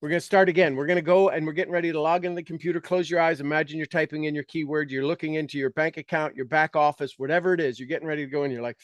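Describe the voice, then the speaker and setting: Male coach, slightly high voice, energetic and coaxing, dry close recording. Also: quick pace, dry recording. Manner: energetic, coaxing, acts out reactions. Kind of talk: guided visualization workshop. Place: online video call session.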